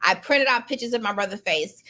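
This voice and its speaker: A middle-aged woman, a lawyer telling a personal story in an animated, emphatic, colloquial way. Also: medium pitch, brisk.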